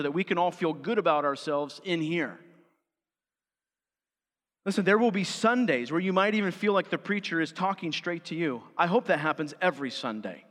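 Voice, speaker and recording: A man's voice: fairly high pitch, expressive, moderate pace. A man preaching a sermon as pastor, driving his points home with firm stresses. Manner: emphatic, rising to forceful stresses. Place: church sanctuary. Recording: church hall with long reverb.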